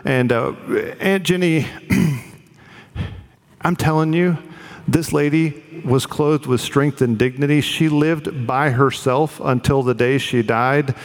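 A man's voice: on the high side, fairly even intonation, slow pace, big-room sound. A man preaching a sermon as pastor, earnest and conversational, with fillers.

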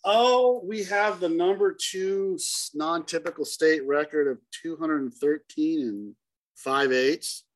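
A middle-aged man, a hunting guide, telling a story in a casual interview and acting out the dialogue with lively turns of voice. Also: fairly high pitch, takes it slowly. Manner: animated, acts out dialogue in the story.

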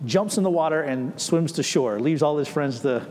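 A man's voice: a little high, expressive, normal speed, darkish tone, big-room sound, slight background noise. A man preaching a sermon as a pastor, speaking conversationally and acting out the people in the story. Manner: conversational, acting out quoted voices.

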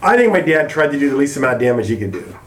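A man's voice: mid-range voice, sing-song, very fast, a little hiss or hum. A man in his fifties, a podcast co-host, talking reflectively in a casual group conversation. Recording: echoey room, away from the mic.

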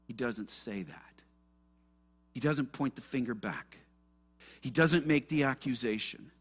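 A man's voice: mid-range voice, a little slow. A man pastor preaching an earnest sermon with emphatic rhetorical questions.

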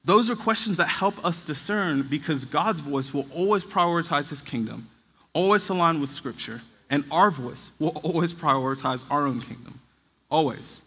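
Husky-voiced man preaching in a reverberant hall. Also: fairly high pitch, moderate pace, pushed and bright. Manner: earnest, conversational preaching with acted quotes. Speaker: pastor. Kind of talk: sermon. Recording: long reverb of a large hall.

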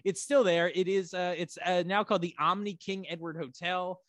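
Man, rambling excitable podcast co-host, slightly high voice, dry sound. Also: normal speed, no echo. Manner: rambling, filler-heavy, swears, excitable. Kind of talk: casual chat recapping a TV episode.

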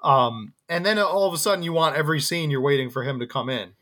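Bright, animated male podcast co-host. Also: fairly high pitch, fast talker. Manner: animated, jokey, many restarts. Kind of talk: casual movie review chat.

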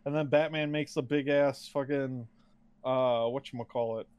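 A man's voice: mid-range voice, steady tone, normal speed, a little mellow, clear, resonant tone, no room sound. A man co-hosting a casual podcast, recapping a movie in a rambling, joking way and swearing often. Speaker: podcast co-host. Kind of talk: casual chat.

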